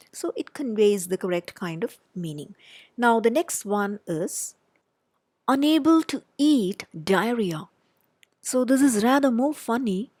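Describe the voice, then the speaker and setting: A woman lecturer with an Indian English accent walks through example sentences one by one, stressing key words as she reads them aloud. Her voice has a middle pitch, and the recording is dry and close with almost no room sound. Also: darkish tone, dry recording.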